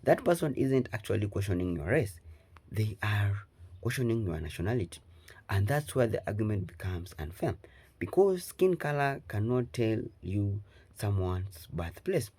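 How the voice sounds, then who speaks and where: A male reaction channel host with a Jamaican accent, giving measured, explanatory scripted commentary. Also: fairly low pitch, big pitch swings, warm tone, husky.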